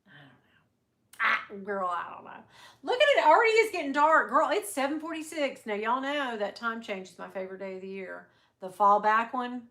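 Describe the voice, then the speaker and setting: A middle-aged woman hosting a casual livestream, chatty and quick to swear and laugh. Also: a little high, sing-song, a bit bright. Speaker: livestream host.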